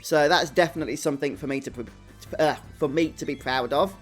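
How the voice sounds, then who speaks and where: This young Englishman, speaking with a Birmingham accent, keeps up a fairly quick pace and a fairly high pitch as he commentates a game stream with soft music behind him. Laughing and self-deprecating, he chats away, responding to what viewers type in the chat.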